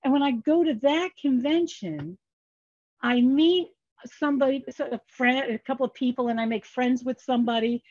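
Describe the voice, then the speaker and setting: A woman's voice: sits high, normal speed, dry recording. An older woman, a guest economist, telling stories in a casual podcast interview and acting out the dialogue she quotes. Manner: animated, acts out quoted dialogue. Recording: muffled lo-fi sound.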